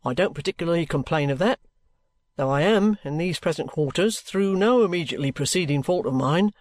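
A man voicing a bluff, steady middle-aged ex-soldier who talks plainly and good-humouredly. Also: a little high, a little fast, no room sound, natural voice.

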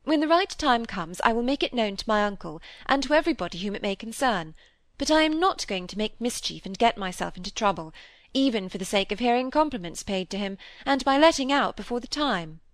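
A woman reading aloud, voicing a troubled, secretive young woman in an old novel who speaks quickly and emphatically. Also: fairly high pitch, lively intonation, no echo, lightly acted.

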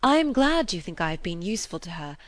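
Woman reader voicing an eager, self-assured young lady in a storybook reading, lifts her pitch, dry sound. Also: sing-song, fast talker, no echo.

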